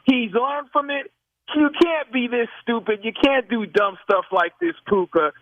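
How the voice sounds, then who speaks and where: Male sports radio voice, very high, dry, ranting. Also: lively intonation, measured pace, no room sound, phone-quality sound. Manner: exasperated ranting. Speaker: radio show co-host.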